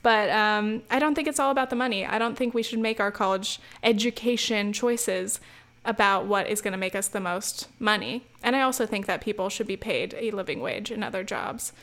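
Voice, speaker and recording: At normal speed, a young American woman with a slightly bright, mid-range voice rants casually to her camera audience. A student vlogger, she rambles chattily with lots of fillers, restarts and swearing.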